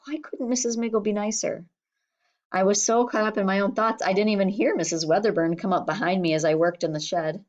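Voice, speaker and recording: A woman reading a children's novel aloud in a steady, expressive storytelling manner. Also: medium pitch, brisk, dull audio. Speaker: audiobook reader.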